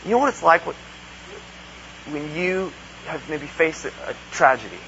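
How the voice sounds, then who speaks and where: A man's voice: on the high side, lively intonation, moderate pace, sharp tone. A man preaching a conversational sermon, earnest, asking rhetorical questions and acting out quotes. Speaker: pastor. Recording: dull lo-fi recording with faint hum.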